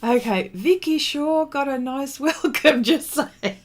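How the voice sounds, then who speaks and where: A woman's voice: high voice, takes it slowly. A woman artist chatting casually with viewers during a livestream pastel demonstration, greeting them and laughing often.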